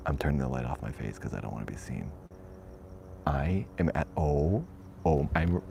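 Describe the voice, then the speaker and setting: A man's voice: very deep voice, expressive, measured pace, gravelly, background noise. A man streaming a nervous night walk through a cemetery, rambling and half-whispering into a shirt mic. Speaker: vlogger. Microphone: shirt lapel mic.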